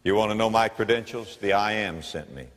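A man's voice: fairly low pitch, fairly quick, a bit bright. A man with a Southern American accent, a pastor preaching an emphatic sermon in a church and repeating key phrases for weight. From Florida, United States. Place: church sanctuary. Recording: reverberant church hall.

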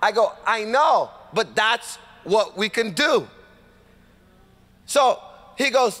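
Californian male pastor, high voice, lively storytelling sermon, reverberant church hall. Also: slow pace, long pauses. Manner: animated, acts out dialogue, rhetorical calls to congregation. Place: church sanctuary.

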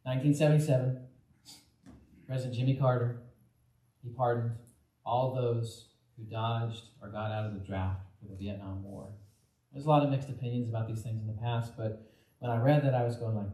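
Male pastor, relaxed chatty sermon, warm mellow tone, church reverb. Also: mid-range voice, normal speed. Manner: informal, many fillers and restarts, acts out quoted voices. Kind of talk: casual conversational sermon. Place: church sanctuary.

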